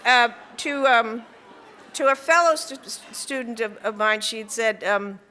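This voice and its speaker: A woman's voice: a little high, bright, forceful tone, a little hiss or hum. A woman author telling stories from her writing life, stopping often to restart her sentences between fillers. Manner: halting, many restarts and fillers. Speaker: author speaking at an event. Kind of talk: talk. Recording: long hall reverb.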